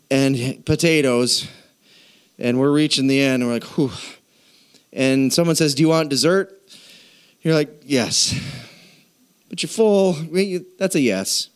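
A male pastor delivers a lively sermon in a notably high voice. His pitch leaps and dips constantly as he builds to emphatic, shouted affirmations, speaking to a church congregation. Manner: animated, emphatic preaching with sudden shouted yeses.

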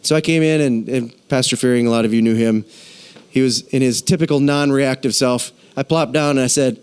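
A middle-aged man, a pastor, preaching a sermon and telling his own story candidly, his voice swinging higher when he gets emphatic. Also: brisk, smooth. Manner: candid, confessional storytelling with lively pitch swings.

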